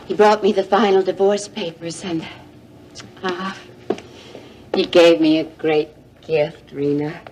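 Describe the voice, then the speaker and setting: A woman's voice: low-pitched, darkish tone, slight background noise. An actress playing an earnest, determined young woman who is leaving her marriage to chase love, in 1980s TV soap acting.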